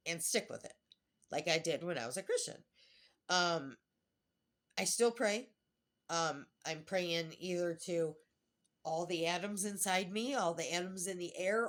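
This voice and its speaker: A woman's voice: lowish voice, fairly bright tone. A middle-aged woman vlogging a rambling personal monologue, chatty, laughing often and trailing off mid-thought.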